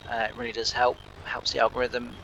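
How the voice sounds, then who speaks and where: A man's voice: mid-range voice, monotone, a little fast, creaky, a bit bright, slight background noise, low-quality recording. A man hosting a farming game video, telling a rambling, self-deprecating story with lots of filler words. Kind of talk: casual storytelling over gameplay.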